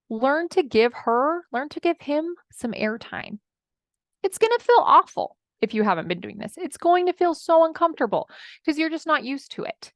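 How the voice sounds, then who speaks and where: A woman's voice: high-pitched, animated, moderate pace, no room sound, studio quality. A woman in her thirties giving a chatty motivational talk as a marriage coach, speaking straight to her listeners and acting out her clients' words. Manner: chatty, addresses listeners as friends, acts out quoted clients.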